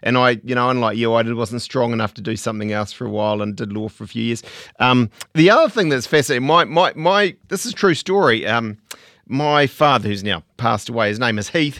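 Nz host guy, halting, repeats himself, dry close sound. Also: medium pitch, a bit bright, dry recording. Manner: halting, repeats words while thinking. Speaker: podcast host. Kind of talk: conversational interview.

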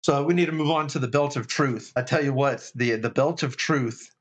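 A man's voice: mid-range voice, moderate pace, hardly any pauses. A middle-aged man speaks as a chaplain in an earnest, preachy but casual way. He often restarts his sentences as he thinks aloud. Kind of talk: casual faith talk.

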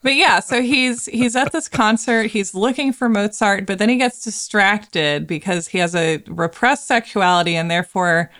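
A chatty woman co-hosting a casual film chat, laughing often and mimicking characters in mocking voices. Her voice sits at an ordinary middle pitch. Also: moderate pace, few pauses, a bit bright. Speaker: podcast co-host.

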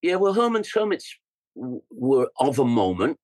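An older man with an English accent, a musician guest telling lively studio stories in a podcast interview. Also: mid-range voice, moderate pace, no room sound, low-quality recording. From England. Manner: animated storyteller, scats rhythms and acts out quotes. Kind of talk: storytelling interview.

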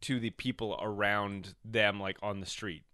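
Bright-toned low-voiced co-host man. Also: fairly even intonation, unhurried, no room sound, clean studio sound. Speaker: podcast co-host. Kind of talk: casual podcast chat.

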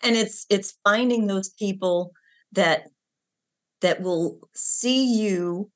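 A woman guest on a podcast, a health coach, speaking calmly and affirmingly. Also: mid-range voice, slow pace. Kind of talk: conversational interview.

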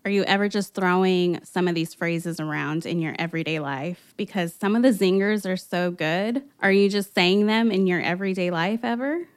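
Curious woman interviewer. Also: on the low side. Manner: curious, measured questioning with long setups. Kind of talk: interview questions.

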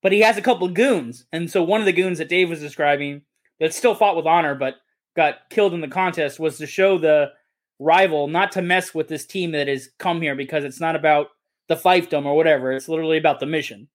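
A man's voice: fairly high pitch, fairly quick. A man co-hosting a podcast who talks about a film in a casual, rambling, enthusiastic way and often corrects himself. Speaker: podcast co-host. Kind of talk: casual movie discussion.

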